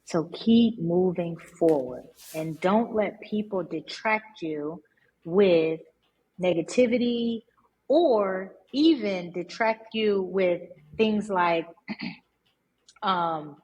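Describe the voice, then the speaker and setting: A woman entrepreneur, guesting on an interview podcast, tells her story in a lively, emphatic way, repeating words for stress. Her voice is lowish and her pace extremely slow, and the sound is lo-fi.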